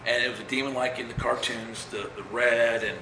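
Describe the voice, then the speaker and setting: A man telling a story in a casual, rambling way, often asking "right?" and jumping high when quoting himself. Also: steady tone, brisk, background noise. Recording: roomy echo.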